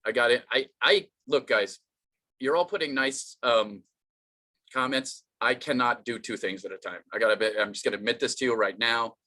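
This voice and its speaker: A man's voice: medium pitch, moderate pace, pushed and bright. A man doing an online stand-up comedy set, rambling and self-deprecating, with many fillers and restarts.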